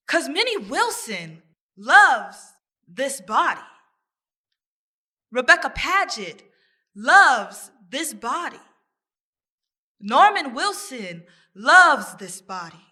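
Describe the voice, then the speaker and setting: Slow, bright-voiced woman reciting spoken-word poetry. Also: high voice, sing-song. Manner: rhythmic, deliberate, repeating phrases. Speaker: poet.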